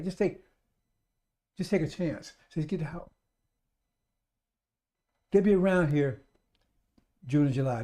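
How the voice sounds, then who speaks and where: A man's voice: on the high side, mellow. A man preaching a radio sermon, repeating himself emphatically and calling out to his brothers and sisters. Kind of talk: live-streamed radio sermon.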